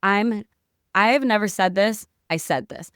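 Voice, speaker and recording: A woman guest on a podcast, telling a story in excitable casual chat with lots of "like" and spiritual talk. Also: medium pitch, unhurried, smooth, no room sound, studio quality.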